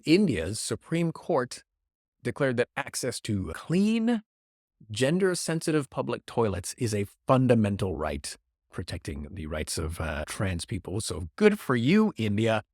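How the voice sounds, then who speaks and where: A Canadian man hosts a podcast of casual comedic news talk, rambling through good-news stories and joking at his own expense. His mid-range voice is captured on a podcast microphone with clean studio sound and no room noise.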